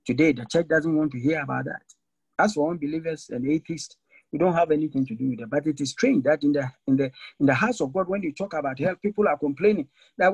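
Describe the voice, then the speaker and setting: A man preaching a sermon to a church congregation, swinging between raised, pointed lines and sudden low, emphatic drops. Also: fast, husky, dry recording, poor audio. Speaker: Methodist preacher.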